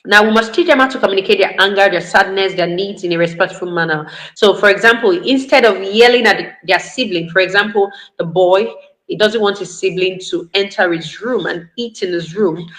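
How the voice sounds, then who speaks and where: A woman's voice: medium pitch, animated, a little fast, a bit bright. Woman, parenting educator, earnest repeating delivery, echoey video-call sound. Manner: earnest, repeats points for emphasis. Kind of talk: online parenting talk. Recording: roomy echo.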